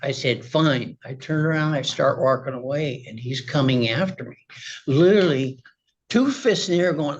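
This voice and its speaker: Agitated man testifying, husky and muffled. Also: a little high, moderate pace. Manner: agitated, rambling storytelling with restarts. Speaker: litigant. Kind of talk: testimony in a courtroom.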